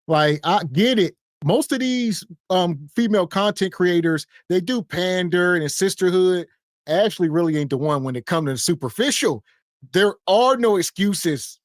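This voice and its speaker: A man with a fairly high voice gives wry, conversational podcast commentary. He is recorded dry and close. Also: lively intonation, moderate pace, no room sound. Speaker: podcast host.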